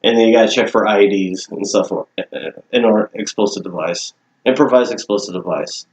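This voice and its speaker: A man's voice: on the low side, brisk, roomy sound. A young man casually telling a story on a podcast, swearing and laughing often. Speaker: podcast co-host.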